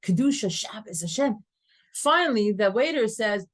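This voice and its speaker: A woman teacher giving a lively class, telling stories animatedly, laughing often and weaving in Hebrew terms. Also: a little high, moderate pace. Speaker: Torah teacher. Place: classroom with students.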